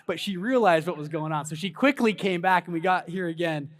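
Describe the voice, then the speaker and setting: Man, 30s, high-pitched voice, animated motivational speaker in a big hall. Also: brisk. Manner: storytelling, animated, hypes the crowd. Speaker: conference speaker. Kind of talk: motivational stage talk. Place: large event hall on stage.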